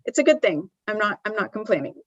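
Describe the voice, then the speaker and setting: A woman's voice: mid-range voice, very animated, fast talker, no room sound, muffled recording. A woman giving a live conference presentation in a conversational way, with frequent ums and restarts. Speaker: conference speaker. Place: conference venue.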